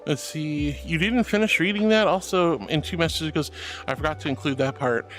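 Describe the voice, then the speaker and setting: Man, high voice, live streamer, casual chat reading, affectionate pet names, giggly, faint music behind. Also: a little fast. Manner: affectionate, calls viewers honey and darling; playful and giggly.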